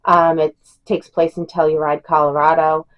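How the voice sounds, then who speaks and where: A woman's voice: sits low, flat delivery, normal speed, dull audio. A middle-aged woman chatting casually as a book reviewer, rambling with fillers and small laughs. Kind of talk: casual chat.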